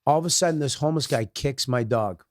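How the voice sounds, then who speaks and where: A comedian guest in casual podcast chat, telling stories in a profane, animated way. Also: male voice, medium pitch, fast talker, no echo, clean studio sound.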